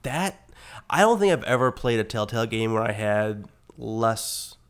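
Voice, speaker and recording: Man, lowish voice, sick and rough, rambling casual chat, lots of fillers. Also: animated, unhurried. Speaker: podcast co-host.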